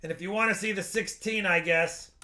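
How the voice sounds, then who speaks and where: A man hosting a live-stream coin auction, explaining each lot at length with quick asides. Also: high voice, fairly even intonation, sharp tone. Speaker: coin seller and stream host.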